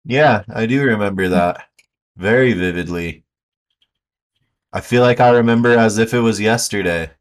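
A man's voice: fairly low pitch, normal speed, long pauses, distant mic. A man, a podcast co-host, telling a story in meandering casual banter.

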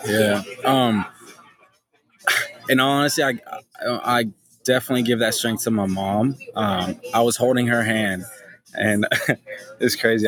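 A young man as a podcast guest, talking in casual conversation with an emotional, halting manner and many restarts. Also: fairly low pitch, fairly bright tone.

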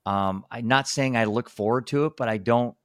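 A man's voice: medium pitch, moderate pace, fairly bright tone, no room sound, clean studio sound. A man hosting a podcast, talking casually and rambling with many restarts. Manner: rambling, frequent restarts and "you know". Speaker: podcast host and speaker. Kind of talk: casual conversation.

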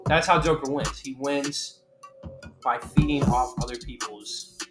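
A man's voice: mid-range voice, measured pace, loud music behind the voice. A man hosting a podcast, telling a rambling, profane story in casual banter. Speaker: podcast host.

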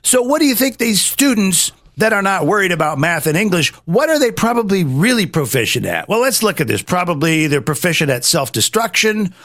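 A man's voice: high-pitched, a little fast, few pauses, no echo, studio quality. A man hosting a political talk show, ranting emphatically and mockingly in casual chat. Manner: animated, mocking, emphatic rants. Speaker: host.

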